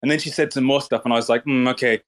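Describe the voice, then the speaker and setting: A man's voice: mid-range voice, steady tone, rapid-fire. A man in a casual online voice chat, talking bluntly and swearing freely in a mocking way. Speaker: Twitter space speaker.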